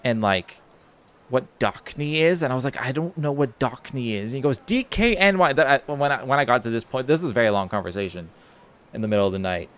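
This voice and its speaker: A man's voice: mid-range voice, fairly bright tone, clear, resonant tone. A young man streaming a video game, telling a story in a rambling, casual way, with lots of restarts, filler words and casual swearing. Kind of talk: casual storytelling while gaming.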